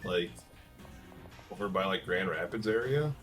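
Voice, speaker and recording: A man's voice: low-pitched, lively intonation, measured pace, a bit bright, soft background music. A young man from Michigan streaming a game, chatting casually and rambling, with "like" in nearly every phrase. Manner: rambling, heavy use of "like". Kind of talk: casual chat while gaming.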